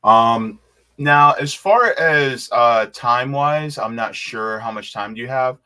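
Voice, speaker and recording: A man's voice: mid-range voice, slow pace, sharp tone. A man hosting an interview, speaking in a courteous, somewhat hesitant way. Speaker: host. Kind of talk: interview conversation.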